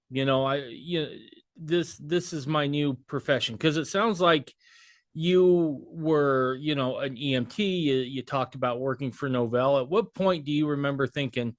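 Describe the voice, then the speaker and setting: Male interviewer, a touch high-pitched, dry and close, asks attentive follow-ups. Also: expressive, a little slow, no room sound. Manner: attentive, conversational. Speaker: podcast host. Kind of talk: interview questions.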